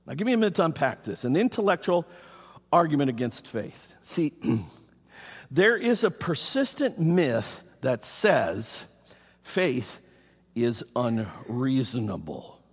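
In a church with a reverberant, hall-like sound, a male pastor preaches to his congregation, reading scripture aloud and addressing the people directly. His medium-pitched voice is slightly rough, and he speaks slowly in a sing-song way.

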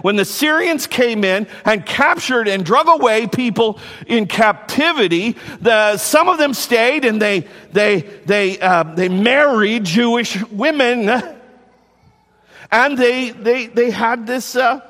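Lively high-voiced man preaching in a hall. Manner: animated, repeats words, quick asides. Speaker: pastor. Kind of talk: sermon.

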